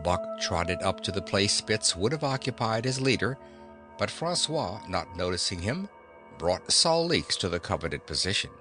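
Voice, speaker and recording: A man narrating a classic novel as an audiobook reader, in slow, expressive storytelling. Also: fairly low pitch. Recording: narration over background music.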